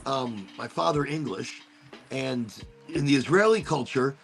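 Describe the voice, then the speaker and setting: A man's voice: medium pitch, expressive, unhurried, vocal fry. A man hosting a casual chat, rambling and swearing easily as he talks about holidays and family. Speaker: host.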